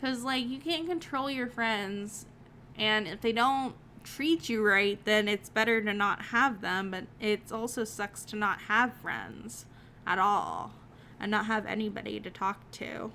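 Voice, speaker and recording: A woman's voice: mid-range voice, measured pace, a little hiss or hum. Emotional young woman streaming a game. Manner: expressive, emotional, swearing. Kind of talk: live game playthrough commentary.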